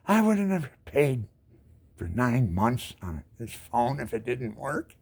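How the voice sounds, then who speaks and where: A man's voice: medium pitch, expressive, moderate pace, darkish tone. A disabled veteran in his seventies, a man giving an indignant ranting monologue full of rhetorical questions and repeated words. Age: 70s. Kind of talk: angry monologue to camera.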